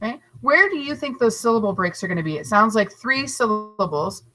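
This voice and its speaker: Bright-voiced patient teacher woman. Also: on the high side, animated, rough recording. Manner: slow, overarticulated syllables and spelling; encouraging, patient teacher talk. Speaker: third grade teacher. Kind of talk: recorded classroom lesson.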